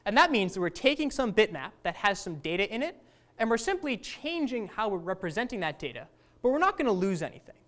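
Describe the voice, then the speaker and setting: A woman's voice: mid-range voice, big pitch swings, fairly quick. A woman teaching a class in a casual, conversational lecture, often asking the students questions.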